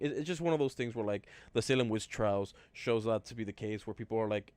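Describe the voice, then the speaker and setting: A man co-hosting a podcast, talking in a rambling, halting way with many fillers. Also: mid-range voice, steady tone, a little mellow, clean tone, dry recording. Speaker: podcast co-host. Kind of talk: casual chat.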